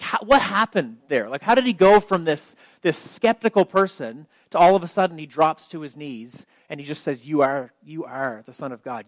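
A man's voice: high voice, no echo. Conversational man preaching, dry close sound. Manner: conversational, asks the listeners questions, frequent restarts, swells with emphasis. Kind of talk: informal sermon.

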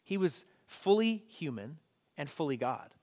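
A man preaching a sermon in a conversational, animated storytelling way, often repeating himself as he goes. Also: on the high side, unhurried. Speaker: pastor.

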